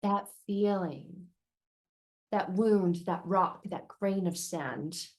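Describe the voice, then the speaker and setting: A woman hosting a self-help talk, speaking earnestly and slowing down to stress key words. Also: lowish voice. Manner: earnest, repetitive, slows down for emphasis. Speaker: self-help video host. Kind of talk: emotional storytelling monologue.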